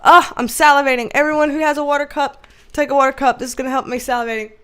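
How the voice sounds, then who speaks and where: A woman hosting a casual livestream, reading chat aloud, loud and animated, laughing and swearing often. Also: sits high, very fast.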